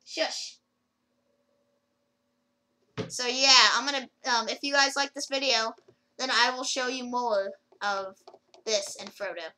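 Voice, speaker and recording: A woman chats loosely through a gameplay video in a very bright, sharp voice that sits a little high. She rambles and fills pauses with fillers, often stopping and restarting her sentences. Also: fairly even intonation, a little hiss or hum, rough recording. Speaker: gaming video creator. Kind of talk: casual gameplay commentary.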